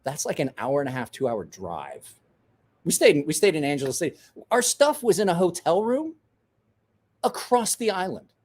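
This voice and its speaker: A man's voice: a little high, very animated, a little fast, darkish tone. A man in his forties, a podcast host telling a rowdy story in casual chat, swearing, laughing and acting out the voices of the people he quotes.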